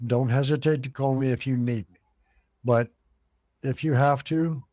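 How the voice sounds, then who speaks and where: A man's voice: medium pitch, steady tone, normal speed, warm tone, dry recording. A man who owns a haunted cabin, telling a long story as an interview guest and acting out what others said. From United States. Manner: retells conversations, acting out quoted voices.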